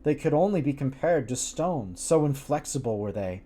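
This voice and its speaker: A man reading a gothic story aloud on a live stream, breaking off for animated, joking asides. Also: mid-range voice, moderate pace, breathy edge.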